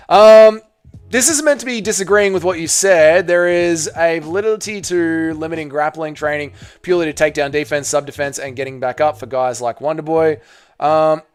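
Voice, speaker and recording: An Australian man with a fairly high, smooth voice hosts a casual live stream. He reads chat messages aloud, swears freely and banters with viewers.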